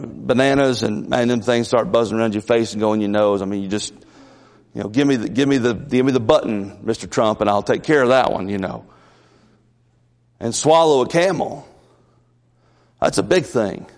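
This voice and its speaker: A man's voice: mid-range voice, long reverb tail. A man preaching a sermon as the church's pastor, folksy and storytelling, with asides and chuckles.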